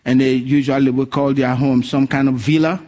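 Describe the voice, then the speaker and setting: A man's voice: mid-range voice, normal speed. A man preaching a sermon, telling stories with energy and acting out the voices of the people in them. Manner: animated storytelling, acting out quoted voices. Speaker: pastor.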